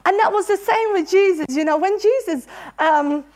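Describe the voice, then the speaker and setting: Very high-voiced woman preaching earnestly. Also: moderate pace, darkish tone. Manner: earnest and emotional, laughing between phrases. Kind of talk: sermon.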